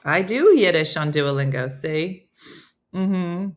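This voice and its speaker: A woman's voice: fairly low pitch, animated, takes it slowly. A middle-aged woman hosting a casual live chat, laughing and reading out viewers' comments. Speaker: host.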